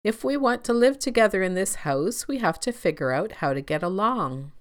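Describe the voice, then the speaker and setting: A woman's voice: medium pitch, animated, normal speed, voice pushed up, lightly acted. A woman voicing Compassion, a kind emotion who insists and coaxes the others. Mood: insistent. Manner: insistent, coaxing.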